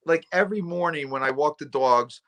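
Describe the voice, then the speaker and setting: A middle-aged man hosting a casual chat, rambling through animated stories and acting out voices. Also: a little high, brisk. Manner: rambling, animated storyteller who acts out voices. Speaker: talk show host.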